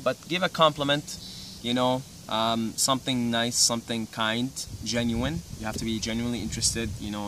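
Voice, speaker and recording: A man's voice: fairly low pitch, a bit bright. Young man from Syria, easygoing vlogger, chatty and meandering, recorded from a slight distance with faint ambient noise. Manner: laid-back, rambling, peppered with "you know" and "right". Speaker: vlogger giving advice. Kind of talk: casual advice monologue.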